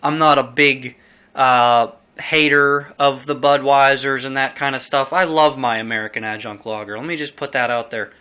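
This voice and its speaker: A man's voice: mid-range voice, fairly even intonation, moderate pace, pushed and bright, clean tone. A young man casually reviewing a beer at home, rambling and chatty with lots of fillers, recorded on a camera mic.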